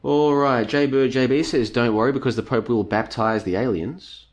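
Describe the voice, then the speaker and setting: Two hours into his live stream, a man's voice is wearing down as he reads comments from chat and talks at length. He addresses viewers as folks and piles on rhetorical questions, speaking at a moderate pace in a medium pitch.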